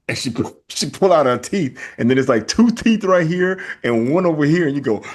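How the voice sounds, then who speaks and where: A middle-aged man co-hosting a casual podcast, telling stories with lively acted-out voices. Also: fairly high pitch, fairly quick, few pauses. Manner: animated storyteller, acts out voices. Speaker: podcast co-host.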